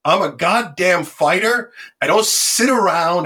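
Husky, fiery man ranting about politics. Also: high voice, expressive, a little slow, pushed and bright. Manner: impassioned, emphatic, combative. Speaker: podcast guest. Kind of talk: animated political interview talk.

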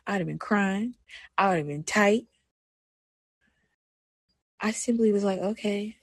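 Candid husky young woman. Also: mid-range voice, a little slow. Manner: candid, conversational, swings between soft and animated. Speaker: podcast host. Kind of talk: personal reflective monologue.

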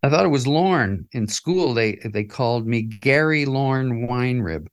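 An older man, a musician and author, is the guest in a casual interview, telling stories about his past. His medium-pitched voice is expressive and a little slow, and he reflects with chuckles, lots of fillers and frequent restarts.

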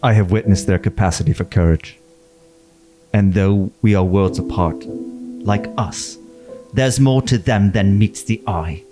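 A man guest on a comedy podcast, giving a slow, solemn, overly dramatic reading. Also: lowish voice, warm tone, faint music behind.

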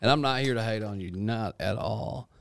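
A man's voice: on the low side, normal speed, gravelly, fairly bright tone, no room sound. A man co-hosting a podcast, joking and crude. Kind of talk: casual podcast chat.

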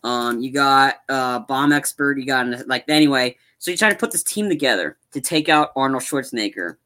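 A man on a live-streamed podcast, talking casually and rambling about movies, acting out scenes with excitement. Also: mid-range voice, moderate pace. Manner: rambling, animated, acts out movie lines. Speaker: podcast co-host.

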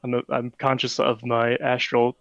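A man with a gravelly, mid-pitched voice chats casually as a player in a tabletop game, working out his options aloud. The sound is dry and a little dull. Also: monotone, moderate pace, fairly bright tone, no echo. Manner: casual, joking, thinks aloud. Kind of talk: tabletop role-play chat.

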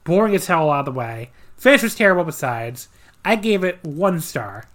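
A man's voice: fairly high pitch, very animated, moderate pace, a bit bright. A man co-hosting a podcast, casually recapping a wrestling match with dry sarcasm and many fillers.

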